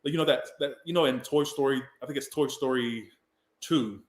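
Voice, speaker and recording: A man's voice: medium pitch, moderate pace, echoey room. A man from the Southern US, giving a casual, rambling tarot reading and swearing now and then. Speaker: tarot reader.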